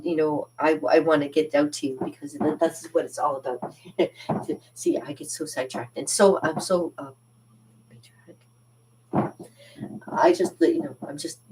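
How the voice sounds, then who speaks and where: A chatty Canadian woman talks casually and directly to viewers of her own cartooning channel, rambling, getting sidetracked, and laughing often. Her voice is a little low, she seems slightly distant from the mic, and there is background noise.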